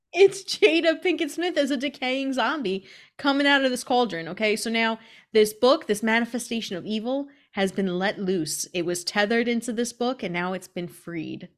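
A woman's voice: a little high, normal speed. A woman co-hosting a podcast, casually improvising a silly spooky story with playful laughs. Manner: playful, laughs often, acts out characters in bits. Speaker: podcast co-host.

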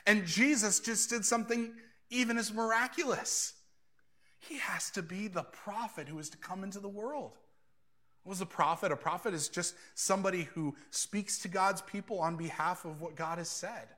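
A man's voice: high voice, normal speed, bright, forceful tone. A male pastor preaching a sermon in a conversational way, slipping into quoted voices as he tells the story.

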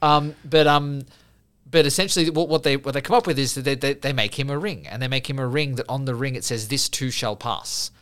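A man's voice: medium pitch, fast, a bit bright, clean tone. A man in casual conversation explaining a Buddhist idea and telling a story, with many fillers and repeated restarts. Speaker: podcast guest speaking from a Buddhist view.

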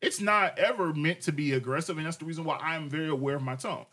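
A man's voice: on the high side, fast, pushed and bright. A man co-hosting a podcast, arguing his point in casual chat, insistent and direct, often repeating himself. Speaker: podcast co-host.

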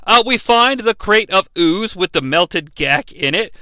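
A young man recaps a movie with sarcastic, profane humor. His voice is high, bright and smooth. The sound is dry and close. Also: animated, measured pace, dry recording. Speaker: movie reviewer.

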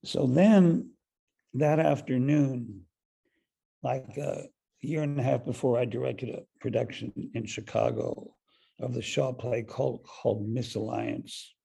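An older man with a deeply raspy, gravel-filled voice, mellow and dark in tone. He tells a story from his acting career in an interview, stumbling through fillers and restarts as he goes. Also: steady tone. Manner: halting, with many fillers and restarts. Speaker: actor and director.

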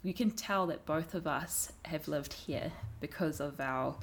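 A woman with a strong New Zealand accent speaks in a casual conversation, her voice sitting a little low. She tells her stories frankly and with emphasis. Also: unhurried, a little hiss or hum. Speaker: guest.

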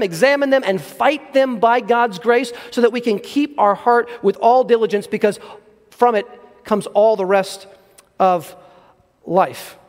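A man preaching a sermon, earnest and emphatic, slowing down to stress key words. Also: very high-pitched, in a large hall. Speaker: pastor.

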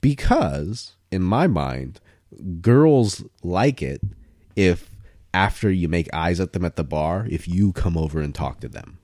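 A young man talks through his ideas in loose, rambling chat, often restarting to rephrase. His voice sits very low and is recorded dry and close. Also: unhurried, no room sound. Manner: rambling, self-correcting, animated. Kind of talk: casual chat.

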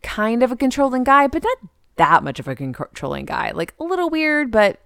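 A woman co-hosting a podcast, casually recapping a show and acting out characters' lines in quick quotes. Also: on the high side, sing-song, gravelly, fairly bright tone, smooth, no echo, clean studio sound. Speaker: podcast co-host.

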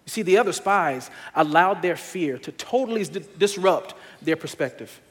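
A young male pastor preaching in a sanctuary with a long reverb tail. His voice sits a little high for a man. He swings from hushed, earnest urging to loud, laughing storytelling. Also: animated, moderate pace. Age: young adult. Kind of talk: sermon.

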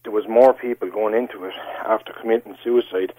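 An Irish man calling a radio phone-in, speaking haltingly with many restarts. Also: lowish voice, fairly even intonation, warm tone, no echo, rough recording. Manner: halting, stumbles and restarts often. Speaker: caller. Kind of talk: phone-in call.

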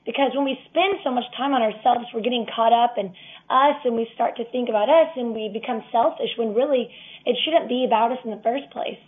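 A woman's voice: a little high, a little fast. A young woman as a guest, speaking sincerely and encouragingly from her faith. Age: young adult. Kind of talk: casual interview talk. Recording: tinny phone line.

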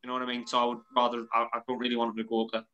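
A man chatting on a podcast in quick, clipped interjections. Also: mid-range voice, completely flat delivery, pushed and bright, dull audio. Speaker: podcast co-host. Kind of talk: casual chat.

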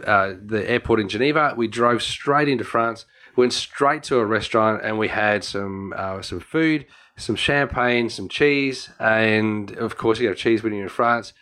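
A man's voice: on the low side, unhurried, few pauses, sharp tone. Australian man, casual podcast chat, storyteller, restarts, laughs a lot. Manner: rambling storyteller, many restarts, laughs often.

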